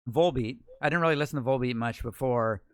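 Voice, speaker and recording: A man's voice: medium pitch, a little fast, smooth, no room sound, studio quality. A man co-hosting a casual chat, musing and explaining things in a chatty way.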